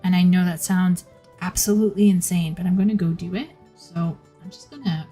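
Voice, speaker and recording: A woman's voice: lowish voice, a little fast, dark tone, faint music behind. Chatty woman streaming a game. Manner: chatty, restarts sentences, critiques the writing. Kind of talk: casual live-stream commentary.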